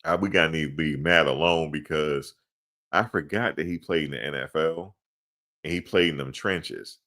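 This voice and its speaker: A man's voice: very deep voice, moderate pace, pushed and bright. A man co-hosting a sports podcast in casual chat, slangy and laughing often.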